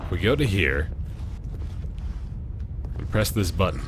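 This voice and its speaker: A man's voice: low voice, sing-song, slow, noisy background. A man casually commenting as he plays a video game, thinking aloud in a chatty way. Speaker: gaming channel host. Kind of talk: let's play commentary.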